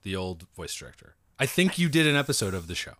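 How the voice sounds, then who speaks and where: A man in a casual conversation, a comedian and voice director telling animated stories and acting out quotes in a raised voice. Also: on the low side, fast talker. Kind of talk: casual chat.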